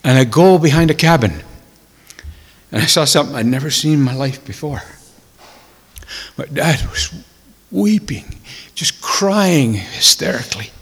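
A man telling a personal testimony in a sermon, emotional and tearful, dropping to hushed whispers and rising to loud exclamations. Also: medium pitch, normal speed, pauses often, husky, long reverb tail. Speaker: preacher.

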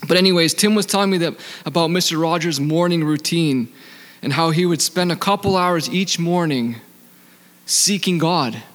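A man with an accent preaching to a congregation, his voice fairly high for a man. He keeps putting questions to the listeners and then answering them, and he reads the scripture passages slowly. The voice carries a long reverb from the hall. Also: fairly bright tone. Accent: non-native accent. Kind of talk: sermon.

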